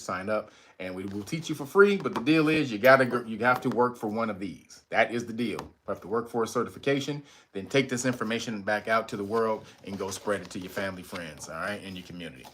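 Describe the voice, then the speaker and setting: A middle-aged man runs a casual livestream, loud and jokey, laughing a lot and leaping into high, playful voices.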